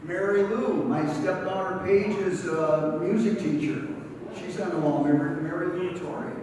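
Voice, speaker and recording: A man's voice: high voice, fairly even intonation, a little slow, a little mellow. A middle-aged man giving a rambling acceptance speech full of stories, chatty and chuckling as he talks. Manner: chatty, storytelling, chuckles often. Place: large event hall. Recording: echoey hall from far off, room noise.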